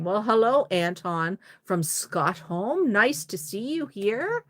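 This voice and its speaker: Woman livestream host, unhurried pace, chatty, reacts with laughs to comments. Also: mid-range voice, lively intonation, a bit bright, dry recording, studio quality. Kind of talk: casual livestream chat.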